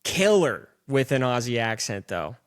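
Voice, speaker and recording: A man's voice: mid-range voice, very animated, measured pace, clean tone. A man hosting a podcast in casual chat, reacting eagerly and asking follow-up questions. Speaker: podcast host.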